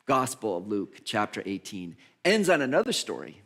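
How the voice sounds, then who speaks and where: A man's voice: on the low side, sing-song, normal speed, a bit bright. A man preaching a sermon as minister, acting out the voices of Bible figures and laughing at himself along the way.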